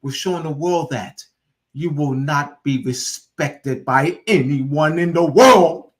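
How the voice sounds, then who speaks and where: A man's voice: on the high side, takes it slowly. A man giving an impassioned, repetitive lecture as a host, talking informally and slipping into dialect. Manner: preachy and repetitive, building in fervor.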